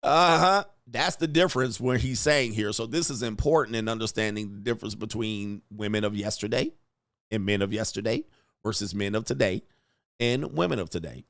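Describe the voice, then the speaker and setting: A man hosting a commentary show, ranting bluntly and mockingly, with profanity and quick mimicked voices. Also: fairly low pitch, a bit bright, dry recording, studio quality. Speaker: host. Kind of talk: casual commentary rant.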